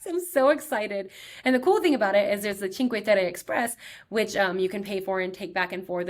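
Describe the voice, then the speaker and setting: A young woman hosting her own show, talking in a chatty, excitable way full of fillers. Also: mid-range voice. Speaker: podcast host. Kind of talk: casual solo chat.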